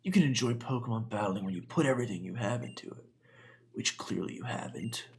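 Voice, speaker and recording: Male gamer doing a brooding game rival: a cold, gruff, hushed teen boy, pitched well below his own voice. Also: animated, brisk. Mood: cold, scornful.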